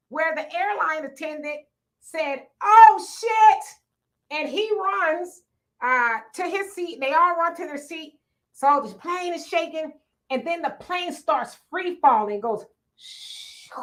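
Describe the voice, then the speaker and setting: Animated high-voiced woman telling a story. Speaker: co-host. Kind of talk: casual chat, storytelling.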